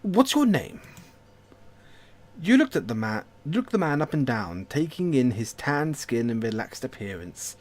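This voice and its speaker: A man streaming himself reading a story game aloud, narrating in an expressive way with self-mocking asides. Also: mid-range voice, moderate pace, hardly any pauses.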